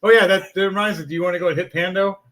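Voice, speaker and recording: A man narrating as game master of a tabletop game, excitable, swearing and laughing often. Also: high voice, very fast.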